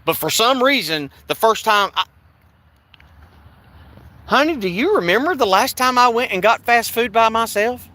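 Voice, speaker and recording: A man's voice: very high voice, lively intonation, moderate pace, pauses often, bright, forceful tone. A man angrily recounting a police stop, restarting and repeating himself as he acts out the exchanges. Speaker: video creator recounting an arrest. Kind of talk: angry first-person account. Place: in a vehicle.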